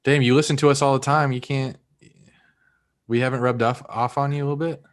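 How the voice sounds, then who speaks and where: A man's voice: medium pitch, steady tone, brisk. An American man hosting a podcast, chatting casually and joking around. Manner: joking, playful banter. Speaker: podcast host. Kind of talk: casual chat.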